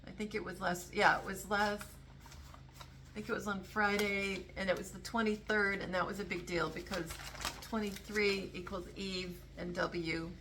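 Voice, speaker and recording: A woman's voice: mid-range voice, level tone, moderate pace, background noise. A woman talking casually to camera about politics, rambling and correcting herself as she goes. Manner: rambling, self-interrupting, earnest. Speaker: political commentary vlogger.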